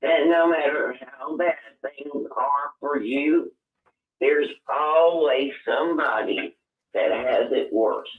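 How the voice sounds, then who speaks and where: A man phones in to a talk show and speaks with a heartfelt, halting delivery in a somewhat high voice. He sounds thin and phone-like, with an echoey ring around him. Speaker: caller. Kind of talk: call-in show chat. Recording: tinny phone line, echoey.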